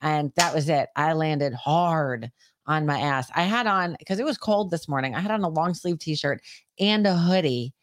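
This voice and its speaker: A woman co-hosting a podcast, telling a story in a casual chat with animated delivery and plenty of swearing. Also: low voice, moderate pace, no echo, studio quality. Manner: animated storytelling, heavy swearing, shouts when acting out scenes. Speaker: podcast co-host.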